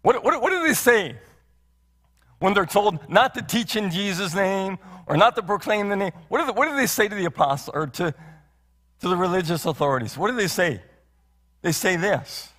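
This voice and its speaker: A man's voice: sits high, sing-song, moderate pace, fairly bright tone. A male pastor preaching a sermon in a church, earnest, with many rhetorical questions and repeated phrases. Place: church sanctuary. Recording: long hall reverb.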